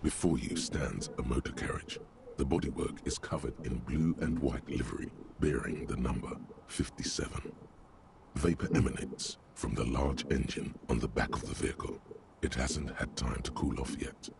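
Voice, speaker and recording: A gravelly, ironic game narrator. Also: male voice, normal speed. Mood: wry. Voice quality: deep and gravelly. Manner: grandiose, wry second-person narration. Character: omniscient inner voice of a detective, male, ironic. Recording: game audio with noticeable background noise.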